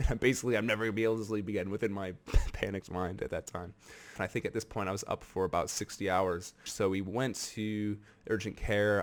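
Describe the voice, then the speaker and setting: Young american man, earnest vlogger, lowish voice, candid storytelling. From United States. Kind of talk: candid personal vlog talk.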